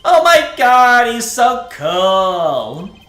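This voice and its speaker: A man's voice: extremely high pitch, very animated, drawn-out words, fairly bright tone, echoey room, pitched above the performer's own voice, full character voice. Man doing squealing fangirls. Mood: gushing. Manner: squealing, gushing. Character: shrieking excited young female fans.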